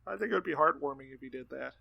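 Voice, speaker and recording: A man's voice: mid-range voice, racing, vocal fry, dull audio. A man co-hosting a podcast in wry, playful chat. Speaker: podcast co-host.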